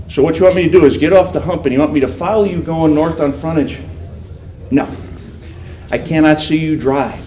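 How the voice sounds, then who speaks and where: An older federal agent tells police recruits a story, his voice a little high and brisk. He's animated, acting out the voices of the people he quotes. The room sounds like a large hall, with faint noise in the background.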